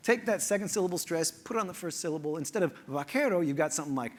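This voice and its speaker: A man with a fairly high, voice talks playfully about where words come from. He keeps the delivery animated, swinging up for emphasis and sinking into low, hushed asides. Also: very fast. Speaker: speaker on word origins. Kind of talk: lively presented talk.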